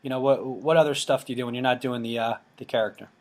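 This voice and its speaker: Quick-talking male interviewer. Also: mid-range voice, fairly even intonation. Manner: stumbling, repeats words when asking. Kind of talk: casual interview questions.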